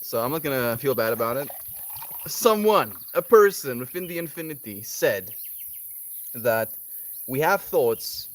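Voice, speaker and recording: A man chatting loosely on a livestream, his thoughts wandering as he goes. His pitch moves about in a lively way around a middle register, and he chuckles as he talks. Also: measured pace, slight background noise. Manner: laid-back, rambling, chuckling often. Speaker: livestream host. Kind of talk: casual livestream chat.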